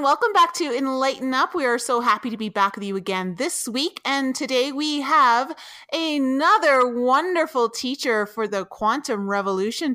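A woman podcast co-host, introducing a guest in an upbeat, brisk way and chatting. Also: fairly high pitch, bright, forceful tone, dry recording, clean studio sound.

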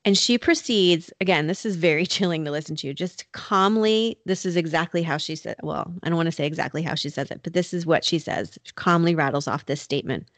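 Woman, low-pitched podcast host; casual true crime narration, filler-heavy, dry close mic. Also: fairly quick, hardly any pauses, no echo. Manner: conversational, many "like" and "you know" fillers. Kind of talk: casual storytelling chat. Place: North Carolina.

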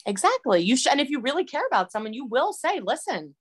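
A woman's voice: high voice, sing-song, fast. A woman with a mid-range voice chatting as a podcast co-host. She talks animatedly, piles on fillers, and acts out little quotes along the way. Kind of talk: casual chat about reality TV.

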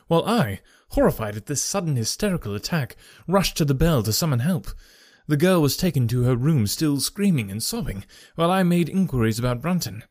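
A man's voice: medium pitch, very animated, brisk, a little mellow, no room sound, studio quality. Man narrating a story formally. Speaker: audiobook narrator. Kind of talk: scripted narration.

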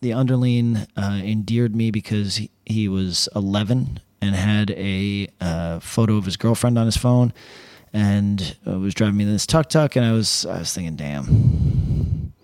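A man's voice: fairly low pitch, moderate pace, darkish tone, dry recording, rough recording. A man rambles through a loose, unscripted monologue, his tone sarcastic and ranting. He swears freely and drifts between complaints and a travel story, talking from his hotel room. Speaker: travel vlogger.

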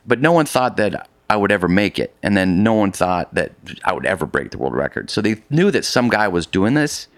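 A middle-aged man telling a long story in a casual conversation, animated and rambling with many restarts. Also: sits low, a little fast, few pauses, no room sound. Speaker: guest, polar expedition adventurer.

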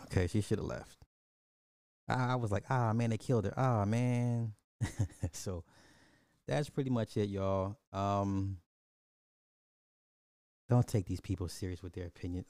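A man's voice: sits low, no echo, studio quality. Blunt man giving a casual movie review. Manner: blunt and animated, addresses viewers as y'all.

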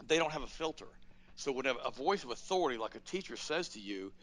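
A man's voice: medium pitch, fast, rough recording. Middle-aged guy on a talk show, blunt and worked up, voice jumps way up on big points. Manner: emphatic, animated, blunt storytelling with acted-out quotes. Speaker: radio show host. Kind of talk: political commentary, conversational monologue.

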